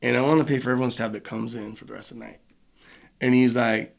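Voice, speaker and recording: A man, a podcast guest, telling a story in a casual, animated way, with quick bursts of speech and lots of fillers. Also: mid-range voice, creaky. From Cayman Islands.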